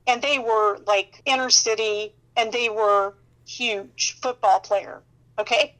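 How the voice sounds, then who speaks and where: A woman sharing faith testimonies in an emphatic, animated way, often laughing as she talks and checking in with the listener directly. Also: fairly high pitch, takes it slowly, rough recording. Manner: addresses listener directly with "okay?" and "you know".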